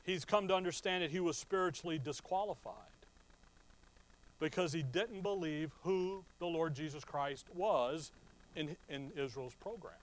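A man giving a sermon, explaining scripture in a conversational teaching way and slowing down to stress key words. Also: on the high side, low-quality recording. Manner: conversational teaching, rising to slow emphatic stress. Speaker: Bible teacher.

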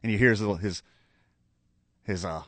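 A man's voice: fairly low pitch, normal speed, fairly bright tone, dry recording. A man co-hosting a studio talk show in casual, wry banter. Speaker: co-host. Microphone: studio mic.

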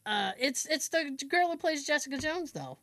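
A woman chatting on a podcast, her voice bouncing lively up and down as she tells stories and mimics people. the sound is close and dry with no room around it. she comes across as easygoing and talkative. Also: sits high, normal speed, dry recording. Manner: chatty storyteller with lively voice impressions. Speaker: podcast co-host. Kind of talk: casual chat.

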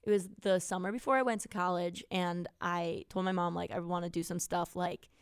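Chatty woman podcaster, clear voice. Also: fairly low pitch, fairly even intonation, brisk, no room sound, studio quality. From Wisconsin. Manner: chatty storytelling with many fillers. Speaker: podcast co-host. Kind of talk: casual podcast chat. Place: small home studio. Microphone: good studio mic.

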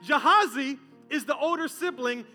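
Guy preaching a sermon, super high bright voice, jokey storyteller, faint guitar in the back. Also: normal speed. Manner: animated storytelling, acting out characters with voices. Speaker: pastor.

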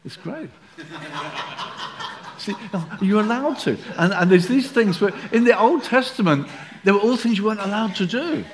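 A man preaching a sermon in a lively way, acting out the voices of people in his story. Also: high voice, moderate pace.

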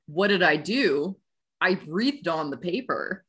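A woman's voice: fairly low pitch, expressive, takes it slowly, fairly bright tone, breathy edge. A young woman in her twenties co-hosting a casual podcast, telling stories playfully and correcting herself. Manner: playful storyteller, self-correcting. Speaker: podcast co-host.

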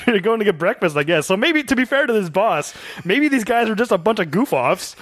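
A young man co-hosting a podcast, chatting casually about a film and breaking into quick voices for the characters. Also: sits high, no echo. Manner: animated, acts out movie quotes in character voices. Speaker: podcast co-host.

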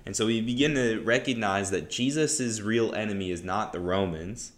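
A man's voice: fairly low pitch, normal speed. A man hosting a podcast, explaining a Bible story in a casual teaching style, with frequent "right?" and "um" fillers. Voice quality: relaxed, conversational, lots of "right?" and "um".

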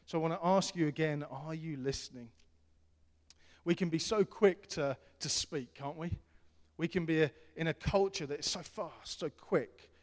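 A middle-aged man preaching a sermon as pastor, earnest and repetitive, swinging between loud appeals and hushed tones. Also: a little high, moderate pace. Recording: long hall reverb.

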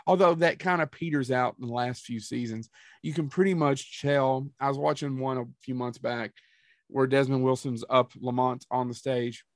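A man's voice: mid-range voice, fairly even intonation, normal speed, dry recording, clean studio sound. A man co-hosting a podcast, chatting casually in a rambling, tangential way with some profanity. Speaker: podcast co-host. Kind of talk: casual chat.

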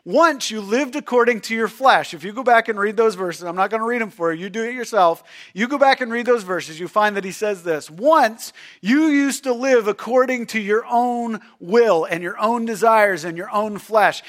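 A pastor preaching a sermon, swinging between loud emphatic lines and hushed near-whispers. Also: male voice, high voice, moderate pace, hardly any pauses.

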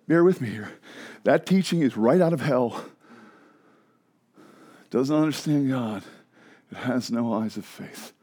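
A man preaching a sermon as pastor, animated and conversational, who drops low and quiet for emphasis.

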